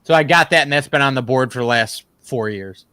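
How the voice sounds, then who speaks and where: A guitarist joins a friend for a loose chat about gear, telling long, rambling stories in a relaxed way. His voice sits at a middle pitch and sounds dry and close, with no room echo. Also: fairly quick, clean tone. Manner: easygoing, rambling storyteller with fillers. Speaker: guest guitarist in a band.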